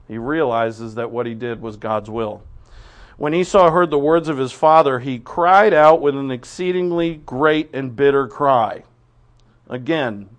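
A man preaching, reading scripture aloud and commenting on it in a conversational way with restarts and asides. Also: mid-range voice. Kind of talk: verse-by-verse Bible teaching.

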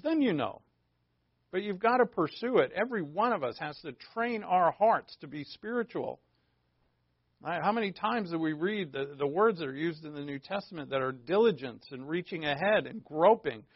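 A man's voice: fairly high pitch, dry recording. A man preaching a conversational sermon, full of rhetorical questions and informal asides. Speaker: pastor. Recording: dull lo-fi dry recording.

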